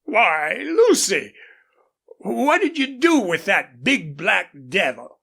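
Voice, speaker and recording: A woman doing a gruff, husky old rancher dad. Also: sits low, sing-song, slow pace, pushed and bright, exaggerated voice. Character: gruff older male rancher, horse-proud indulgent father. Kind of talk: audiobook character voice.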